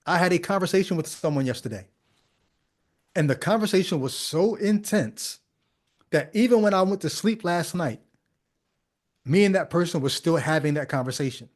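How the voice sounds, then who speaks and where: A man's voice: fairly high pitch, animated, normal speed, pauses often. A man hosting a podcast, giving critical commentary on a video clip in a skeptical, conversational way full of rhetorical questions. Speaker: podcast host.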